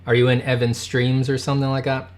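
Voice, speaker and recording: A man in his thirties rants on his livestream, reading chat messages aloud between outbursts. He swears freely and his voice swings from loud, pitched-up anger down to low, quiet grumbling. His pitch sits in the middle range. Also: level tone, quick pace. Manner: heated, swearing, swings from shouting to muttering. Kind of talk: casual livestream rant.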